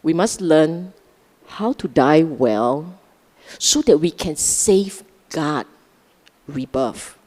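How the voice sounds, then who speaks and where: A woman's voice: low voice, animated, slow pace, long pauses, a little mellow, big-room sound. A woman with a Singaporean English accent gives a Sunday dharma talk to a live audience in a chatty, teasing way, often checking in with her listeners. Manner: conversational, teasing, asks the audience questions. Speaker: Buddhist dharma speaker. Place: large hall with a live audience.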